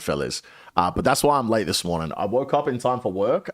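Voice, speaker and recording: A man in his late twenties, a streamer telling a story to his chat in a casual, animated way, swearing often. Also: fairly low pitch, brisk. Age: 20s. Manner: animated, swearing a lot, dramatic retelling.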